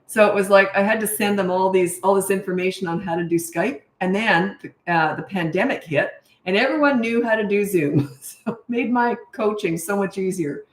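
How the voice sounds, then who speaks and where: A middle-aged woman coaching parents in a relaxed live Q&A, frank and chatty and quick to laugh at herself. Her voice sits at a medium pitch and bounces around a roomy, echoey space. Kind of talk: casual live Q&A chat.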